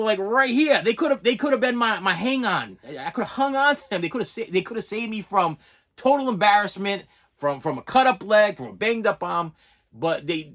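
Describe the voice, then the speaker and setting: A man's voice: high-pitched, pushed and bright. A man in his forties telling a self-mocking story in a casual vlog, stammering and often saying "listen". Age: 40s. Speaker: vlogger.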